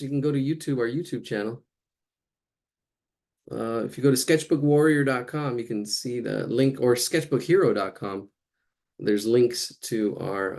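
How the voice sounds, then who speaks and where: A man's voice: medium pitch, creaky, darkish tone. A man teaching a casual live drawing lesson, chatting and thinking aloud as he sketches.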